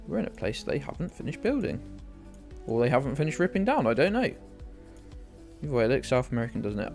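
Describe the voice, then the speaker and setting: A man's voice: medium pitch, big pitch swings, fast. A young British man live-streaming a game, rambling and joking with viewers and swearing freely. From United Kingdom. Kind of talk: casual live-stream chat while playing. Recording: faint music in the background.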